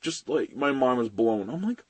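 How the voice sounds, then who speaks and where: A man's voice: mid-range voice, animated, moderate pace, no echo. Ranting young man reviewing cartoons. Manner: swears often, rants animatedly. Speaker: video reviewer. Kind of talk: profane rant-style review.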